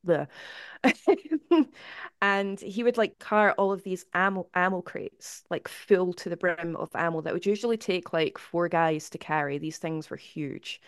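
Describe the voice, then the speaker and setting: Scottish woman, smooth voice. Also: fairly low pitch, unhurried, no room sound, studio quality. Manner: self-deprecating, laughs often. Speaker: podcast guest, YouTube album reviewer. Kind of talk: casual chat.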